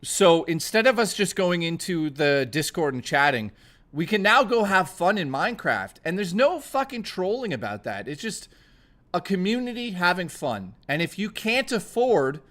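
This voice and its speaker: A man with a fairly high, lively voice chats on a live stream, stammering, swearing and rambling. He sounds close to tears, his words tumbling out with emotion. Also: moderate pace. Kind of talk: casual live-stream chat.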